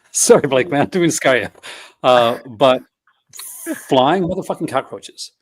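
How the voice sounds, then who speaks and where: A man's voice: mid-range voice, expressive, a little slow. A man in a casual podcast chat, rambling through a story with restarts and laughing at his own jokes.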